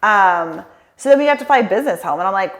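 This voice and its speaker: A woman's voice: mid-range voice, lively intonation, quick pace. A woman co-hosting a podcast, chatting casually and playfully about a trip. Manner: chatty, playful, laughing reactions. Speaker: podcast co-host. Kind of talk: casual chat. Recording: roomy echo.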